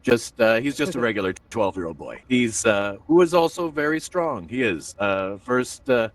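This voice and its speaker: A man's voice: mid-range voice, lively intonation, normal speed, no echo, recorded from a distance. Rambling self-deprecating comedy host, man. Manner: rambling, self-deprecating, full of filler asides. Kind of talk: stand-up comedy. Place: virtual reality room.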